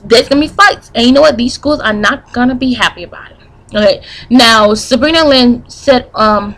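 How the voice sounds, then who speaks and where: A woman's voice: on the high side, a bit bright, low-quality recording. Profane, fired-up woman ranting. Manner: reads quotes aloud slowly. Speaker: vlogger commenting on news. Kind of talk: angry commentary vlog.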